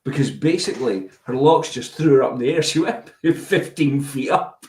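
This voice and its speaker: A man's voice: medium pitch, lively intonation, moderate pace, darkish tone, a little hiss or hum. Man in an echoey room chatting. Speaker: podcast co-host. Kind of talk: casual chat.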